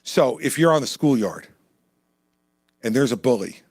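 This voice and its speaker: A man's medium-pitched, slightly mellow voice is animated yet unhurried, captured at studio quality. He addresses an indoor town hall as a presidential candidate, and his stump speech and Q&A are punchy and conversational, with repeated lines for emphasis.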